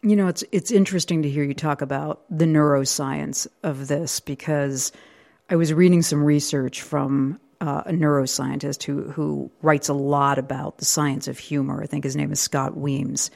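A woman's voice: deep voice, fairly even intonation, moderate pace, gravelly, a little mellow. Curious woman hosting a radio book show. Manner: thoughtful, curious questioning. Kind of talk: radio interview.

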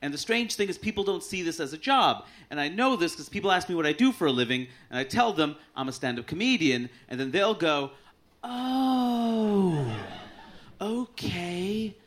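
Dry, deadpan male stand-up comic. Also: a little high, quick pace, few pauses. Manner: deadpan, dry delivery with mock voices for bits. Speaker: stand-up comedian. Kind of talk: stand-up set. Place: comedy club stage with audience laughter. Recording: live club recording with clear audience noise.

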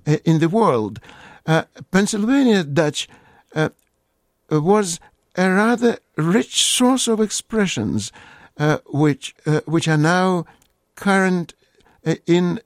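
A man's voice: on the high side, no echo, clean studio sound. A man, a guest linguist on a radio call-in show, explaining word origins in a hesitant, lecturing way with many fillers.

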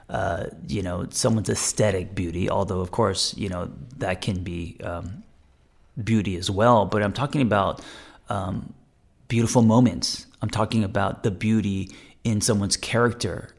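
A man hosting his own podcast as a therapist, talking in a relaxed, rambling, candid way with some self-deprecation, recorded in a home podcast room on a studio mic. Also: lowish voice, gravelly. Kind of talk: casual self-help monologue. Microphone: studio microphone with mixer.

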